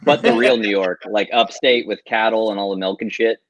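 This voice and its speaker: A man's voice: fairly low pitch, steady tone, brisk. A man in a casual podcast chat, throwing in crude wisecracks. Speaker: podcast co-host. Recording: dull lo-fi sound.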